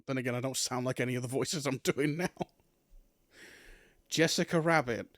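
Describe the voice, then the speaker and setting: A man's voice: medium pitch, fast talker, no echo, studio quality. A man streaming a game, chatting in a giggly, rambling, self-mocking way. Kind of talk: let's play commentary.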